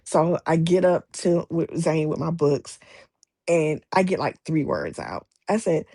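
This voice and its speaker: Woman novelist guest, animated storyteller, husky tone, dry recording. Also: sits low, a little slow, no echo. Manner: animated, acts out quoted voices, many restarts. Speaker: romance author guest. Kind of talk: casual interview storytelling.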